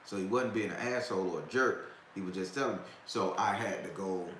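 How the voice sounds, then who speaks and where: A man's voice: low-pitched, a little fast, fairly bright tone. A man hosting a live talk, telling a story in a loose, profane, casual way and laughing often. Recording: echoey room, faint background noise.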